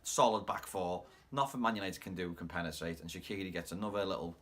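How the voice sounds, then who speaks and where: A man with a Scouse accent hosting a football fan channel, recapping a match with animated, rapid play-by-play commentary. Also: deep voice.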